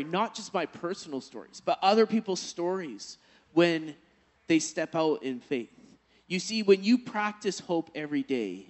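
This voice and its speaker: A male pastor preaching a sermon, telling a personal story and then building to emphatic exhortation. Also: a little high.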